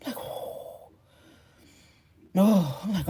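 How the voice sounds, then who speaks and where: Reading viewer comments and replying straight to her audience, a woman content creator hosts a casual livestream, quick to laugh and animated. She swings from soft musing to excited outbursts in a mid-range, slightly rough voice.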